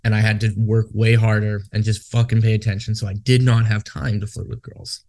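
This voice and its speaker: A man's voice: lowish voice, level tone, fairly quick, a little mellow. Profane, rambling man. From Western Canada. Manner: profane, rambling, goes off on tangents. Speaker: podcast co-host. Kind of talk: casual podcast chat.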